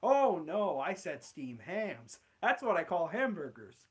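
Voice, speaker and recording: A man's voice: a little high, sing-song, measured pace. A man voicing a flustered, fussy male school principal from a cartoon, stammering out nervous excuses.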